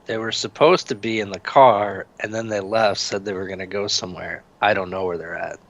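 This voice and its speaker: A man's voice: lowish voice, steady tone, fairly quick, lo-fi sound. A man playing a tabletop game, joking and a little hesitant in his replies. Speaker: player. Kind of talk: casual tabletop play.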